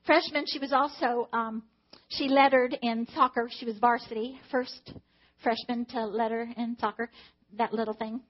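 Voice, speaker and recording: A middle-aged mother sharing a personal testimony about her children, emotional and animated, acting out the dialogue. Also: on the high side. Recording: dull lo-fi recording.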